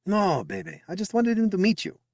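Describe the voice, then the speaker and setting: A man's voice: high voice, sing-song, brisk, gravelly, dry recording, studio quality, voice pushed up, full character voice. A man voicing an eager, chatty young big brother. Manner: upbeat, chatty and affectionate.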